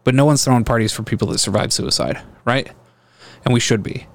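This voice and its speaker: A man's voice: medium pitch, brisk, no room sound. Man hosting a casual chat, dry sound. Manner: makes points through everyday analogies. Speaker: podcast host. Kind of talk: casual conversation.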